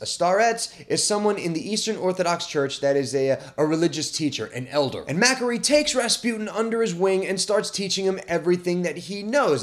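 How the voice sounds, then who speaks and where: A young male host talks through history in a relaxed, conversational way, with a slightly high voice. He is animated and informal, tossing in fillers and restarts as he explains. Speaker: podcast host.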